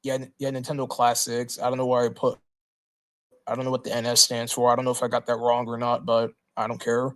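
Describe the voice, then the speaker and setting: A man at a middling pitch runs through a long list on his livestream, pausing on fillers and restarting words as he goes. His delivery is casual and unpolished, like someone talking straight into a desk microphone at home. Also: monotone, a bit bright. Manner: halting, many fillers and restarts. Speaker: livestream host.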